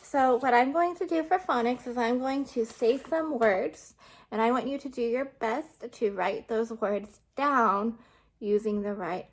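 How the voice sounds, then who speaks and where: Patient teacher woman sounding out words. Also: fairly high pitch. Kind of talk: remote classroom lesson.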